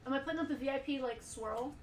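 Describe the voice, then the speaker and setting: A woman's voice: high-pitched, fast talker. A woman co-hosting a live toy sale, bantering casually with joking asides. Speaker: co-host. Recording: echoey room, mic at a distance.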